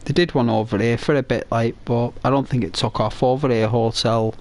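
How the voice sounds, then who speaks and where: A man's voice: medium pitch, steady tone, a little fast, darkish tone. A man casually chatting while playing a game, rambling and hesitant, full of fillers and restarts. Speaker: gaming channel host.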